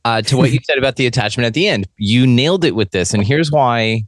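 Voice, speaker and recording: A man chatting casually as a podcast guest, emphatic and animated, swearing freely. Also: medium pitch, quick pace, dry recording, studio quality. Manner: emphatic, profane, animated storyteller. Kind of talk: casual chat.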